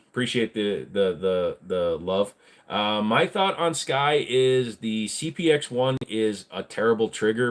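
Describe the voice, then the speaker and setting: A man hosting a casual livestream Q&A, answering viewer questions bluntly and rambling with frequent fillers. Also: on the low side.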